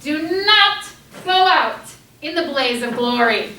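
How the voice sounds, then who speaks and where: Woman teacher, high and very animated, lecturing with bright energy; echoey classroom, mic far off. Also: takes it slowly, slight background noise. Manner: lively, animated, acts out students' panicked voices.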